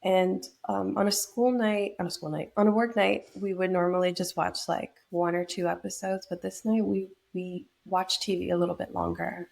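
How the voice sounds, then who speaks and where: A woman's voice: medium pitch, fairly even intonation, moderate pace, creaky, darkish tone. A young woman from New York state, a podcast guest telling a personal story in a reflective way, with many fillers and restarts. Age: young adult.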